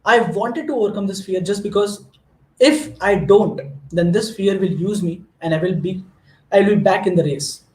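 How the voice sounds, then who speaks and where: A man's voice: sits high, normal speed, a little mellow, roomy sound. A man from Maharashtra with an Indian accent, a native Marathi speaker, giving an earnest motivational talk to students and telling small stories. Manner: earnest, storytelling, frequent restarts. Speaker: guest speaker.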